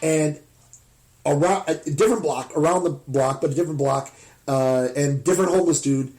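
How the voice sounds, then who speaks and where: An American man telling a rambling, animated anecdote in a casual podcast chat. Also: on the high side, moderate pace. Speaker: podcast host.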